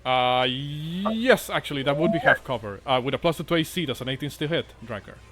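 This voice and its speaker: A man's voice: on the high side, lively intonation, brisk. A man running a tabletop game as dungeon master, talking casually with many fillers and swearing often.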